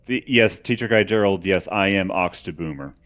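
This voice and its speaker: A man's voice: low voice, normal speed, a bit bright. A man co-hosting a live gaming show, chatting in a dry, hesitant way with many fillers. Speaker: co-host. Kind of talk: casual livestream chat. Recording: dull lo-fi mic.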